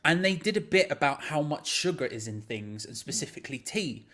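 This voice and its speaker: A man's voice: fairly high pitch, expressive, fairly quick, sharp tone. A man co-hosting a live stream, telling a wry anecdote in a casual chat. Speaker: co-host.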